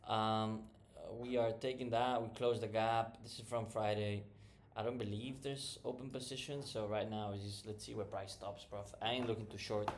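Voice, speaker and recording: A man's voice: fairly low pitch, steady tone, normal speed, few pauses, a little hiss or hum. A man giving casual commentary while he reviews trading charts, talking in slang and swearing a lot. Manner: slangy and profane, says "bruv" constantly.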